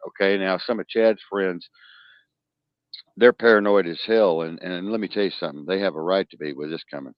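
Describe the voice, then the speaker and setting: A man's voice: low-pitched, clean tone, no echo, highs cut off. A man co-hosting a casual podcast, emphatic and preachy, repeating phrases for effect. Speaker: podcast co-host.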